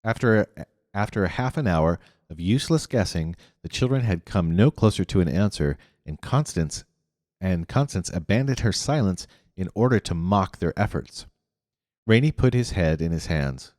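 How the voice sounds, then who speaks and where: A man's voice: deep voice, expressive, moderate pace, a little mellow, dry recording, clean studio sound, big-room sound. A man reading a novel aloud who often restarts and corrects himself mid-phrase. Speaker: reader.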